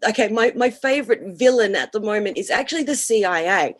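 A woman's voice: on the high side, lively intonation, fast, hardly any pauses. A woman who performs cabaret, talking enthusiastically in a radio interview. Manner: enthusiastic, with frequent fillers and restarts. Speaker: cabaret and burlesque performer, guest.

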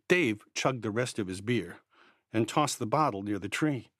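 A man narrating a first-person story in a measured, quietly tense way. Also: on the low side, expressive, no echo, clean studio sound.

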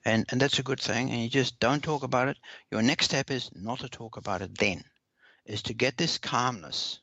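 A man answering interview questions in a measured, earnest way, often repeating words as he explains. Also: medium pitch, creaky, pushed and bright, no room sound. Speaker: parenting expert guest. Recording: dull lo-fi dry recording.

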